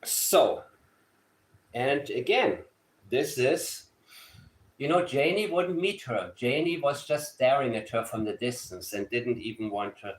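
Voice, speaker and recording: He's a livestream host on a true-crime stream, chatting with viewers in a sarcastic, fake-emotional manner and reading out letters in a syrupy, mocking voice. The voice is mid-range, expressive, and unhurried.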